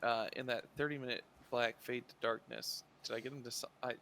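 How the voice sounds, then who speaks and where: A man's voice: medium pitch, steady tone, a little fast, vocal fry, sharp tone. A man playing a tabletop game, speaking casually with dry quips. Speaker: player.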